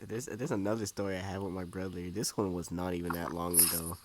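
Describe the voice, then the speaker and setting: Young male co-host, lowish voice, laid-back storyteller, noisy call line. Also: level tone, fast talker. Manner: laid-back, laughs through his own stories. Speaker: podcast co-host. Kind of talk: casual chat on a call.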